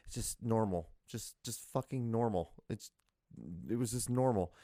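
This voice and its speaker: A man's voice: lowish voice, moderate pace, warm tone, no room sound, studio quality. A man hosting a solo podcast, rambling casually and profanely, drifting between tangents and laughing at himself. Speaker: podcast host.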